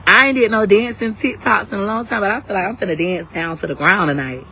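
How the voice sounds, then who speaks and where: A woman's voice: medium pitch, quick pace, sharp tone, a little hiss or hum, poor audio. A woman selling her class live on her phone outdoors, brash and hyped, talking in slang while a little under the weather. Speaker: live-stream seller and coach. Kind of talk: casual livestream sales talk.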